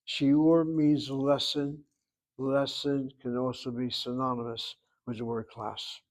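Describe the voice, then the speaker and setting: Older male teacher, patient step-by-step grammar explainer, mid-pitched. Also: little pitch movement, darkish tone. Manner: patient, step-by-step, repeats Hebrew words slowly. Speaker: Hebrew teacher.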